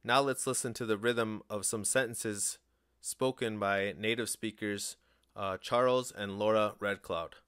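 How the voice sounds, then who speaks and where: Low-voiced man teaching a language slowly. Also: steady tone, a bit bright, a little hiss or hum. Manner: slow and deliberate, pronouncing each word apart. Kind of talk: spoken language lesson.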